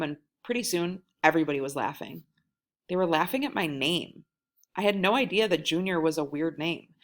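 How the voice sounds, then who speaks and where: A woman reading a novel aloud in a wry first-person storytelling manner, lively when voicing the quoted lines. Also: deep voice. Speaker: audiobook reader.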